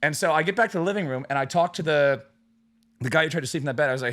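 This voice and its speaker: A man's voice: fairly high pitch, rapid-fire. A young man co-hosting a casual podcast, telling a long story with plenty of swearing and acted-out voices. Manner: animated storyteller, swears freely, acts out quoted voices. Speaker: podcast co-host.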